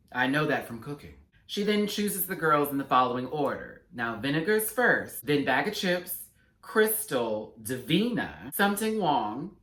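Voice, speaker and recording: A man giving a casual, sassy episode recap and review with animated, slangy asides. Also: a little high. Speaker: reality TV reviewer. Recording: roomy echo.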